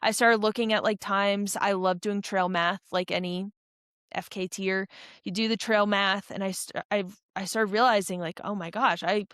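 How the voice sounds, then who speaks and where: A woman's voice: medium pitch, steady tone, moderate pace, a bit bright, smooth, no echo, studio quality. A young adult woman, a podcast guest, telling a long story in a casual, rambling way with lots of fillers and restarts. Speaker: podcast guest, ultra runner.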